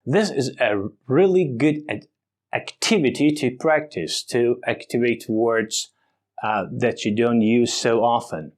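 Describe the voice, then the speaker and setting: A man teaching an English vocabulary lesson, speaking deliberately and exaggerating the stress on words for emphasis. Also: mid-range voice.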